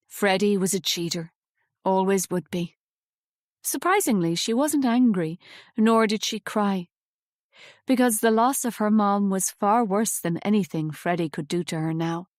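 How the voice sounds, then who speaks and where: A woman's voice: medium pitch, no echo. Woman narrating a novel, dry close sound. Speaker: audiobook narrator. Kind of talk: scripted audiobook narration.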